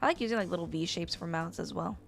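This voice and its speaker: Woman art teacher rambling thru a live drawing class, lowish voice, soft music behind. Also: quick pace, vocal fry. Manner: chatty, rambling, filler-heavy. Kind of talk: live-stream drawing lesson.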